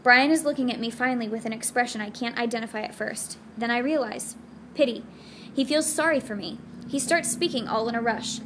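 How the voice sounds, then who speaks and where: A woman's voice: on the high side, a little fast, a bit bright, slight background noise. Woman narrating an audiobook, intimate. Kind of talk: scripted first-person narration.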